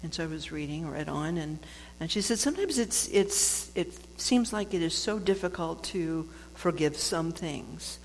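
A woman giving a reflective spiritual talk, conversational and quick to laugh, with frequent restarts. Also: sits low, animated. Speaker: speaker sharing a book's lessons on forgiveness. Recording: long hall reverb with faint noise.

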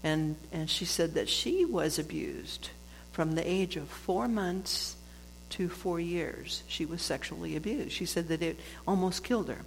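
A woman giving a reflective spiritual talk, conversational and quick to laugh, with frequent restarts. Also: on the low side, creaky. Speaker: speaker sharing a book's lessons on forgiveness. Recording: long hall reverb with faint noise.

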